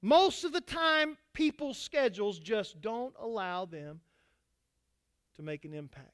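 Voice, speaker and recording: A man preaching a sermon to his congregation as pastor, swinging between loud exhortation and quiet asides. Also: high-pitched, expressive, measured pace, smooth.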